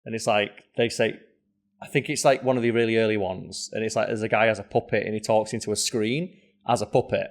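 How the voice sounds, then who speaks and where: A man co-hosting a podcast, chatting casually with quick asides and frank swearing. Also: fairly low pitch, fairly even intonation. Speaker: podcast co-host. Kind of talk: casual chat.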